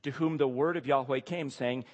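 A man preaching an expository sermon, animated, full of rhetorical questions and chuckling asides. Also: mid-range voice, moderate pace. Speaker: pastor or Bible teacher. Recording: long reverb of a large hall.

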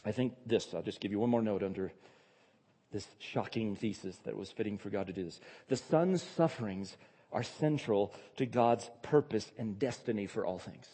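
A man's voice: fairly low pitch, normal speed, warm tone, husky, long reverb tail. A male pastor preaching a sermon, emphatic and repeating key phrases for stress.

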